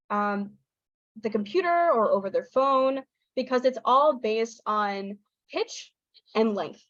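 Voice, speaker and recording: An American woman, a young adult, giving an online talk to English teachers, lively and acting out intonation patterns as she explains them. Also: no echo, highs cut off. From United States. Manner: lively, demonstrates intonation with exaggerated pitch.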